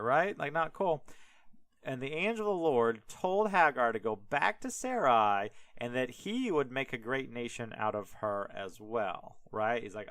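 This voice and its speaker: A young male podcast host retells scripture in an irreverent, rambling style, full of fillers and asides. His voice is bright and smooth, and the recording is close and dry with no room sound. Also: medium pitch, lively intonation, normal speed, no room sound.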